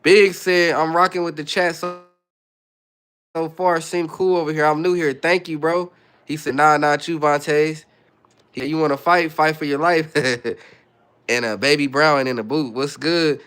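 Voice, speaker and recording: A man's voice: fairly high pitch, steady tone, moderate pace, a bit bright, smooth. A young man from the Bay Area hosting a casual livestream, reading viewer comments aloud and greeting people as they join. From California, Bay Area. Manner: laid-back, reads chat comments aloud and greets viewers. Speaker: livestream host.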